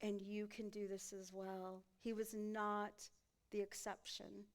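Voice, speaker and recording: A woman's voice: mid-range voice, little pitch movement, takes it slowly. A woman pastor preaching a sermon in a church sanctuary, often turning to the congregation with rhetorical questions.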